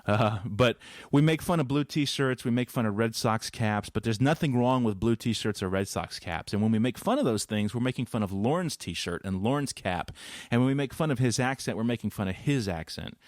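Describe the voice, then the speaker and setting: A man's voice: medium pitch, moderate pace, no echo. A man hosting a casual podcast interview, jokey and effusive, who laughs often. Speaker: podcast host.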